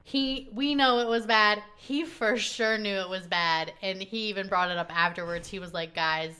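Woman on a podcast, smooth clear voice, gabby, does little voices for quotes. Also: medium pitch, steady tone, normal speed, bright, forceful tone. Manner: chatty, acts out quotes, laughs often. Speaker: podcast co-host. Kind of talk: casual chat recapping a dating show.

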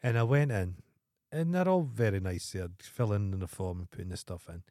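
A man's voice: lowish voice, very animated, normal speed, warm tone, dry recording, clean studio sound. A Scottish man co-hosting a podcast, chatting in a laid-back way and swearing freely. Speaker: podcast co-host. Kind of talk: casual chat.

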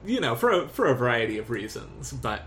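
A man's voice: medium pitch, big pitch swings, fairly quick, a bit bright. A man hosting a casual chat, rambling a little with fillers and restarts. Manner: rambling, with fillers and self-corrections.

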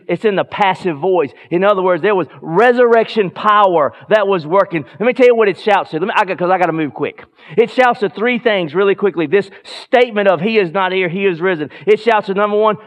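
A man preaching a sermon as pastor in a church, swinging between hushed lines and loud bursts. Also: fairly high pitch, dull audio.

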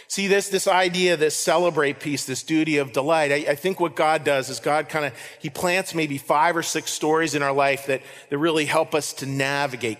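A man's voice: fairly high pitch, fairly bright tone. A man preaching a sermon as pastor, earnest, repeating key lines for emphasis. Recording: reverberant hall.

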